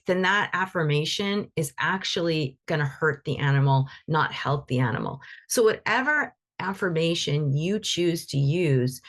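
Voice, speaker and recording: A woman teaching animal Reiki in a live online session, talking loosely and conversationally with frequent restarts. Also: low-pitched.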